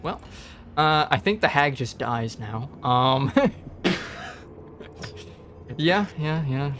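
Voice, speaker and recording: Bright-voiced slow-talking man as dungeon master. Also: on the high side, lively intonation, slight background noise. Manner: halting, many fillers, laughs often. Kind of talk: narrating a tabletop game on stream.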